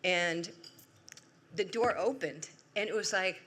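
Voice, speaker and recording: Bright-voiced New York woman in her sixties. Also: mid-range voice, measured pace. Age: 60s. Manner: lively, humorous storyteller, acts out quoted voices. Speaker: award honoree. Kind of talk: acceptance speech with storytelling. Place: large event hall.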